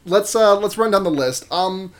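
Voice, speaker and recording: A woman's voice: medium pitch, lively intonation, normal speed. A woman hosting a podcast in casual chat, rambling with lots of fillers and swearing. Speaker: podcast host.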